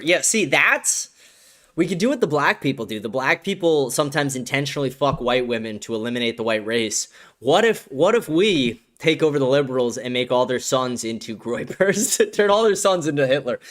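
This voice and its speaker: A man's voice: mid-range voice, lively intonation, moderate pace, a bit bright. Brash, joking male livestream host. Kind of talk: casual livestream chat commentary.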